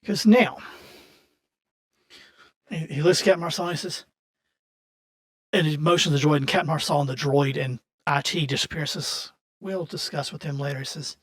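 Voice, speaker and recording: A man's voice: on the high side, moderate pace, long pauses, fairly bright tone. A man running a tabletop game as game master, narrating casually and correcting himself as he thinks aloud.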